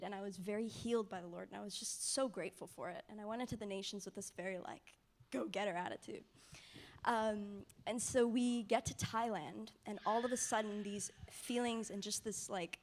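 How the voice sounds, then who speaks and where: A young woman telling a personal faith testimony in a soft, casual way, often sinking to a near whisper. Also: mid-range voice. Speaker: mission trip participant sharing testimony.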